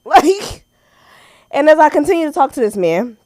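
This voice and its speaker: A woman's voice: high-pitched, normal speed, no room sound. A woman with an American accent doing a stand-up set at an open mic, telling stories and acting out the people in them. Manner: animated storytelling with acted-out quotes and laughs. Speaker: stand-up comedian.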